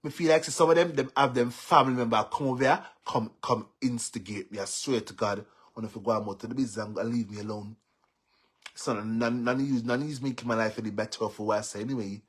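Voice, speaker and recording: A Jamaican man venting on a live stream, agitated, with stammering repeats and swings between loud outbursts and low muttering. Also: steady tone, a little fast, breathy edge. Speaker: social media personality.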